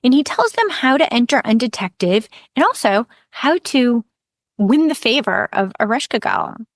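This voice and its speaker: A woman hosting a podcast, retelling an ancient myth in a calm, measured storytelling voice. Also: on the high side, dry recording, clean studio sound. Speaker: podcast host.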